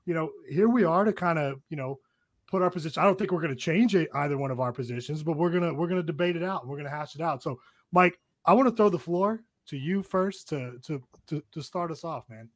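Co-host dude talking real quick, kinda rambly, says man and you know a lot, dry close sound. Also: on the high side, dry recording. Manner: rambling, laid-back, full of fillers like "man" and "you know". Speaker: radio co-host. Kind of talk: casual sports debate chat.

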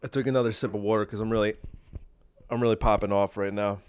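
A man hosting a podcast, delivering a rambling sarcastic monologue with deadpan asides. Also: fairly low pitch, fast talker, clean tone. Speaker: podcast host.

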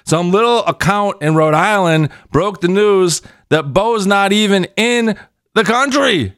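A man hosting a soccer podcast in a comedic rant, sarcastic, swinging between shouted lines and muttered asides. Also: sits high, measured pace, clean tone, no room sound, studio quality.

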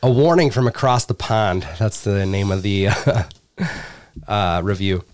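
A man's voice: lowish voice, measured pace, darkish tone. A male host reading product reviews aloud in casual chat, breaking into laughter and crude jokes. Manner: laughs often while reading, crude humor. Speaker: podcast host.

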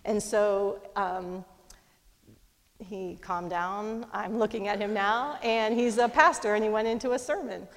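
A middle-aged woman tells a personal story to a room, talking fast and animated and acting out the people she quotes. Her voice sits at an ordinary pitch for a woman. Her voice trails off in a long reverb, as in a large hall. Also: slight background noise. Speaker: speaker.

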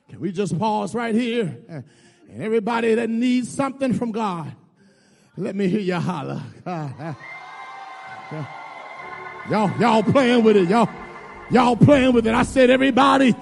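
This is a call-and-response sermon from a man whose voice is gravelly and pitched very high. He swings between shouting and going quiet, repeating himself and addressing everyone as "y'all," while music plays under him and the long reverb of a church hall rings out.

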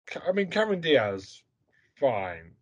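A man's voice: on the high side, sing-song, a little slow. A man hosting a podcast, talking bluntly and provocatively in crude casual chat. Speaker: podcast host.

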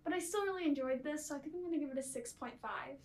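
A young woman co-hosting a podcast, chatting casually about a movie in a bubbly way and reacting with quick gasps and laughs. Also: high-pitched. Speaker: podcast co-host. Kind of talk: casual movie review chat. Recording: roomy, far from the mic.

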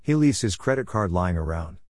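A man's voice: low-pitched, very animated, brisk, darkish tone, dry recording. A brash, mouthy boy, put on by a man reading a story brushes off every scolding in a blunt, dismissive way. The voice is pushed up from the reader's own and recorded close and dry. He sounds careless about what he did.

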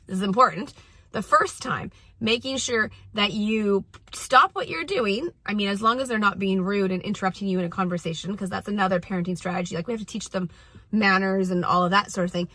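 A woman's voice: mid-range voice, brisk, sharp tone, no room sound. A woman in her forties, a parenting coach and mother, giving casual, earnest advice with frequent restarts while at a track practice.

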